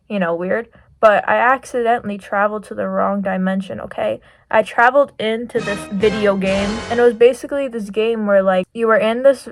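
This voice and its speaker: A young woman vlogger does her makeup at home while telling stories in a chatty, giggly way, saying "like" constantly. Her voice is on the high side with no echo.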